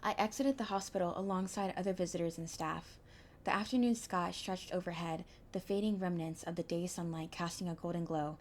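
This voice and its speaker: A young woman streamer reading a visual novel aloud, with expressive, anxious narration and small stumbles. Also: lowish voice, a little fast, a little hiss or hum.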